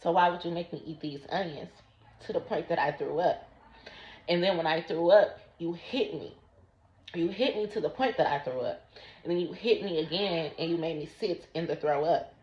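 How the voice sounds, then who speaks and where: A woman telling a personal story slowly and deliberately to her vlog audience. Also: lowish voice, a little mellow. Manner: slow, deliberate recounting. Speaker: vlogger. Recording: roomy, dull lo-fi sound.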